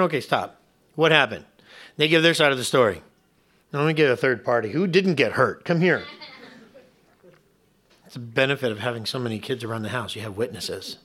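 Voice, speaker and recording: A man's voice: medium pitch, brisk, pauses often, fairly bright tone. A middle-aged man preaching a sermon in a conversational way, asking the audience rhetorical questions and acting out little scenes. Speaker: pastor.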